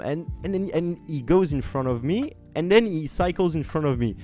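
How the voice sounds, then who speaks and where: A man's voice: a little high, expressive, normal speed, hardly any pauses, warm tone, faint music behind. A man with a French accent, a podcast guest telling a story casually, with many fillers and restarts and slips into French. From France. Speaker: podcast guest, competitive gamer.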